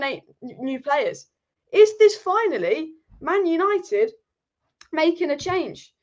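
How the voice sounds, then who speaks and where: A woman hosting a live football fan stream, ranting passionately and repeating her points. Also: high-pitched. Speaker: football channel host. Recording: dull lo-fi stream audio.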